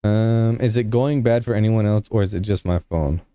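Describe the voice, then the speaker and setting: A young man with a fairly low, warm, clear and resonant voice chats casually with his livestream viewers at a moderate pace, with no echo. He's laid-back and rambling, talking to chat and leaning heavily on "like" as a filler.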